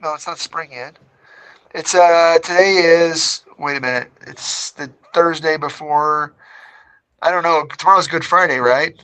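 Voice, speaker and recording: A man's voice: on the high side, measured pace, pushed and bright, smooth, rough recording. A man chatting on a livestream while painting at home, joking and digressive. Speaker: regular stream guest. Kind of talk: casual chat.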